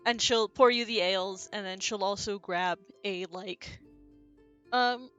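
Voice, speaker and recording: A woman narrates as game master, setting each scene in a loose, rambling way full of fillers. Her voice is clear and smooth. Soft music plays far behind. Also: medium pitch, unhurried, lo-fi sound. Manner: loose, filler-heavy description.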